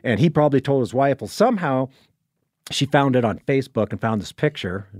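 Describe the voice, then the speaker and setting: A man's voice: mid-range voice, lively intonation, a little fast, darkish tone, no echo. Older male guest, easygoing storyteller with a mid-range voice who restarts often and acts out the dialogue. Dry, close recording. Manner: rambling, with many restarts and quoted dialogue. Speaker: podcast guest. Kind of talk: casual storytelling.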